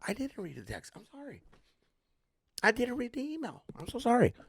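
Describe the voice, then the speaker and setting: Animated, gravelly-voiced male comedian storytelling. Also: very high-pitched, moderate pace, dry recording. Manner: animated, swears often, acts out voices. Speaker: comedian and podcast host.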